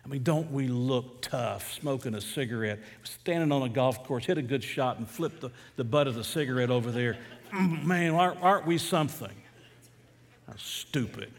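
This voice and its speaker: Pastor preaching in an echoing hall. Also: male voice, medium pitch, normal speed, creaky, few pauses. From Atlanta, USA. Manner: conversational storytelling preaching with fervent emphasis. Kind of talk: sermon.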